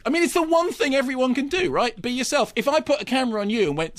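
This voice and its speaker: A man's voice: very high-pitched, expressive, quick pace, hardly any pauses, a bit bright. A man giving a ranting, mock-indignant film review in casual radio studio chat. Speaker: film critic.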